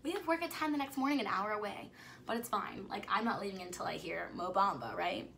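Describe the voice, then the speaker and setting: A young woman vlogger telling a story in casual chat, excited and gushing, filling it with "like" and dropping into whispers. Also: mid-range voice, fairly quick, gravelly, a little hiss or hum.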